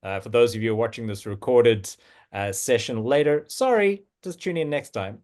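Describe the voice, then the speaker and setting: A man hosts a relaxed livestream, talking in a loose, halting way. He stumbles through restarts and fills the gaps with plenty of "uh"s and "um"s. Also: medium pitch. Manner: halting, with many fillers and restarts. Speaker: host. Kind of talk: casual livestream chat.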